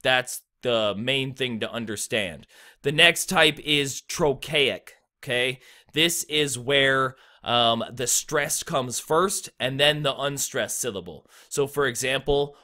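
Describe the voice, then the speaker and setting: A man's voice: mid-range voice, measured pace, pushed and bright. A young man teaching rap flow in a laid-back, blunt way, with frequent ums. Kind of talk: casual explainer video.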